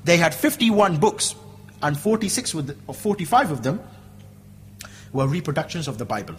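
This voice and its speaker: A man's voice: on the high side, big pitch swings, normal speed, slight background noise. A man giving an impassioned religious lecture, emphatic and full of rhetorical questions and repeated phrases. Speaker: Islamic preacher.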